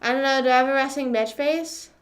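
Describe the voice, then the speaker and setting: High-pitched and a little fast, this young woman streamer makes casual conversation with her live audience, loading her sarcastic talk with fillers and curses.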